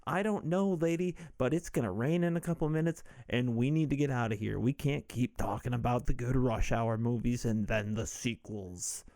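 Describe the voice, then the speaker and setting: A man putting on an exaggerated impression of a gruff movie adventurer. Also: medium pitch, normal speed, few pauses, a little mellow, dry recording, close to an everyday voice.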